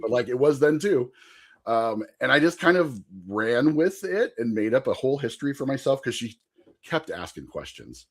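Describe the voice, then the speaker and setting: A man's voice: mid-range voice, sing-song, moderate pace. A man chatting casually on a podcast, telling a long rambling story and laughing often. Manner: chatty with frequent fillers and asides.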